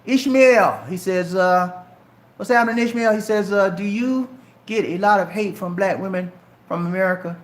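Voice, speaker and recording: Speaking at a moderate pace in a high voice with a roomy sound, this middle-aged Charleston, South Carolina man has a light Southern Geechee accent. On a live stream he chattily answers viewer questions, talking straight to them as "man" and "bro."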